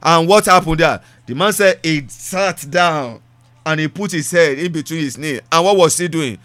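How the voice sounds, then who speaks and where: Man, sermon, high pitched, bright, repeating phrases for emphasis, dry close sound. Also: moderate pace, no room sound. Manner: preaching with repetition and rising emphasis. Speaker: preacher.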